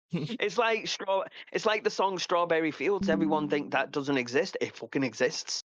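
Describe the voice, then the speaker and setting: A man's voice: on the high side, slow, a bit bright, no echo. Man, Liverpool accent, rambling casual chat, laughs a lot, dull lo-fi audio, dry sound. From England.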